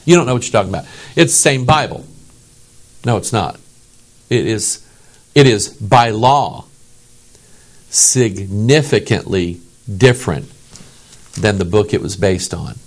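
Man from the US, pastor, preaching with a lively, swinging voice; emphatic, keeps asking "okay?". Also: on the low side, moderate pace. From United States. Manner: animated, emphatic, asks the audience "okay?". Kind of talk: sermon.

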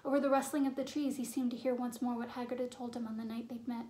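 A woman narrating a fantasy novel as an audiobook, in a measured, suspenseful storytelling manner. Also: fairly high pitch, level tone, dark tone. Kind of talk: storybook reading.

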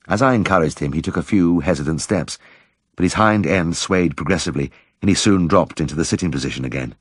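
A man narrating an audiobook in a measured, gently wry storytelling manner. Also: sits low, husky, no echo, studio quality. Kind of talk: scripted narration.

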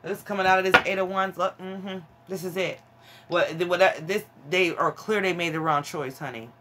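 A woman's voice: on the low side, normal speed, very noisy. A woman giving a casual tarot reading to her viewers, frank and emphatic, calling them honey and child. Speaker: tarot reader.

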